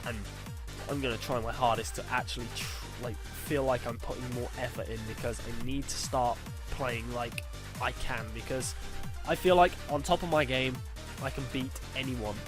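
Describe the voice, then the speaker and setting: A man's voice: medium pitch, normal speed, music in the background. A young man, frankly and self-critically commenting on a lost game battle. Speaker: game video host.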